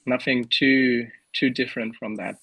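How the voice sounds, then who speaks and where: A man being interviewed as a guest developer, talking in a relaxed, hesitant way with plenty of fillers. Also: mid-range voice, normal speed, husky, low-quality recording. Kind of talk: casual interview over a call.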